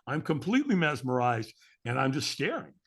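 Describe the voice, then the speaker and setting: A man's voice: mid-range voice, big pitch swings, brisk, husky. A middle-aged man, a podcast guest, telling a story with energy and acting out the voices of the people in it. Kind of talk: animated storytelling.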